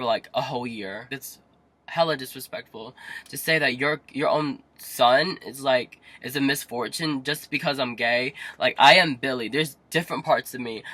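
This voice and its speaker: Chatty young man, bright voice, in a car. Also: medium pitch. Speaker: vlogger. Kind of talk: casual storytelling to camera. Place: inside a parked car.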